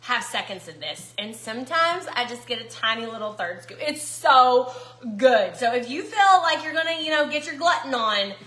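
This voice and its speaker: A woman's voice: fairly high pitch, expressive, moderate pace, sharp tone, echoey room. A woman chatting casually to viewers while cooking in her home kitchen. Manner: chatty, folksy, talks to viewers as y'all. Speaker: cooking vlogger.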